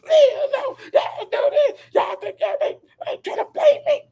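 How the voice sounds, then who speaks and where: A man mocking a grown male singer who pretends to be emotional, in a shrill, whining, fake-sobbing voice. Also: animated, a little slow, dark tone.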